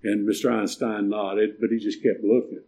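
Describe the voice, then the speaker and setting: An older man preaching a sermon, emphatic and building to loud, stressed points. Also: fairly low pitch, little pitch movement, normal speed. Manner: emphatic preaching, swelling louder on key points.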